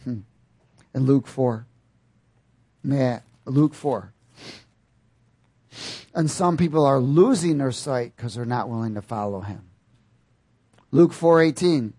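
A man delivers an animated sermon, asking his congregation questions and breaking into loud bursts. He speaks slowly at a medium pitch, pausing often, with a slightly rough voice and no room sound.

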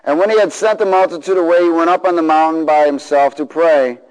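Animated preacher man in a reverberant hall. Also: fairly high pitch, fast talker. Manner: animated, call-and-response, acts out voices. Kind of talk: sermon. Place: church hall. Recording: long reverb of a large hall.

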